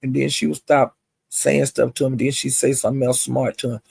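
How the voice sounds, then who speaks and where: A man's voice: mid-range voice, brisk, vocal fry, slightly rough, dry recording. A man vlogging, telling gossip in a chatty way and calling listeners honey and child. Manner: animated retelling, mimics others' quotes. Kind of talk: gossipy storytelling.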